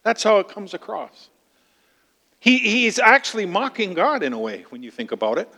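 A man's voice: sits high, sing-song, moderate pace, pushed and bright, big-room sound. A man preaching a sermon, explaining scripture emphatically with rhetorical questions.

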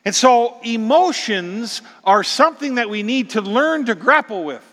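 With long hall-like reverb around him, a middle-aged pastor preaches dramatically, shifting from hushed whispers up to loud exclamations. He sounds high-pitched, bright and forceful, with lively intonation and a slightly slow pace.

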